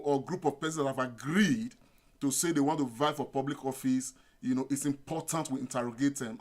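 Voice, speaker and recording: A man's voice: mid-range voice, a bit bright. A Nigerian man hosting an online video-call meeting in a loose, chatty way with many fillers. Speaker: meeting host.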